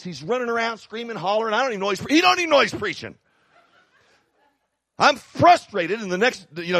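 Animated high-pitched male preacher. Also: dry recording. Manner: animated, humorous storytelling. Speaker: pastor. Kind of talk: sermon.

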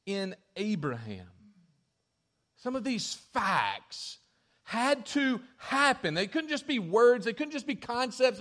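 A man preaching a sermon, telling the story with lively shifts in volume and acting out quoted lines. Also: sits high. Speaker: pastor.

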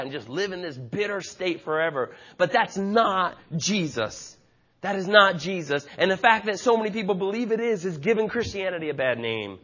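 A man's voice: high-pitched, animated, moderate pace, bright, forceful tone, highs cut off. A man preaching a sermon with passionate, emphatic delivery and frequent repetition. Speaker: pastor.

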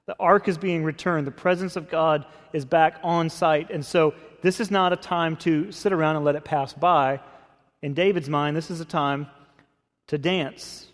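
A man pastor preaching a sermon in a conversational, expressive way. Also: on the high side, normal speed. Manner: conversational, expressive, acts out scripture quotes. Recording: long hall reverb.

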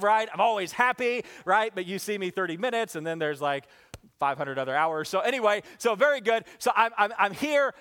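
A male pastor with a high voice delivers a lively sermon. He builds to emphatic, loud peaks and then drops to soft, low, reflective passages. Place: church sanctuary with congregation.

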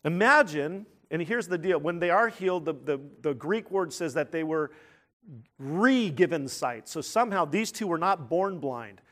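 A male preacher with a high voice delivers a sermon at normal speed, animated and emphatic. He breaks into sudden loud outbursts and keeps putting questions to his listeners.

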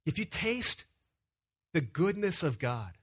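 A young man preaching a sermon, telling stories in an animated way and often repeating words as he starts a sentence. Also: fairly high pitch, slow, husky.

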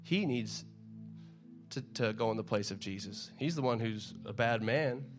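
Speaking at a moderate pace in a medium-pitched voice, a man preaches over music in an easygoing, conversational way. He reads scripture out loud, frequently repeats himself, and plays out what the crowd shouts.

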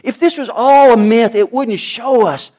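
A middle-aged man preaching a sermon in an animated way, his voice rising high and dropping low for emphasis. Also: a little slow. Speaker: pastor.

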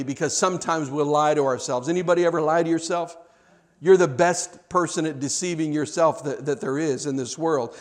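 A male preacher with a voice pitched a touch above the usual for a man. He delivers a sermon that moves between quiet, intimate moments and loud, fervent appeals. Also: steady tone, a little fast. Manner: swings from hushed to loud and impassioned.

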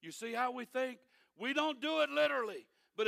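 A middle-aged pastor preaches in a high, bright voice with a gravelly edge to it. He delivers his sermon as folksy storytelling, landing the points with dry humor. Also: animated, brisk, no room sound.

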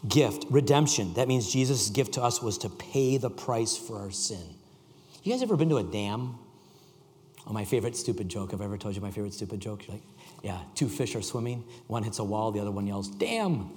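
A man preaching a sermon to a congregation, reading scripture and joking with the room, shifting from loud emphasis to quiet intensity. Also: lowish voice, a little fast. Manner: reads scripture aloud and jokes with the congregation. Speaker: pastor. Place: church sanctuary. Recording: long reverb of a large hall.

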